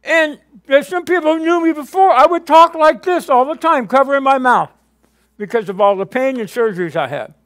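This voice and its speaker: A man with a high, light voice preaches to his congregation. He tells his story with lively, animated storytelling and acts out his past conversations with God. He keeps turning to the room with quick questions. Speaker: pastor. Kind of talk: sermon.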